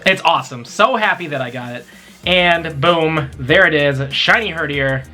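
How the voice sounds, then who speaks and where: A young man vlogging his mobile game hunt in a chatty, excitable way, talking straight to his viewers. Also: a little high, moderate pace, soft background music. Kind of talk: casual gameplay vlog.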